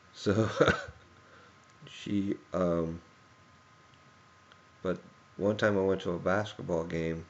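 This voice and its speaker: A man's voice: low-pitched, steady tone, drawn-out words, pauses often, a little mellow, lo-fi sound. A man giving a personal tribute speech, rambling through anecdotes and chuckling often.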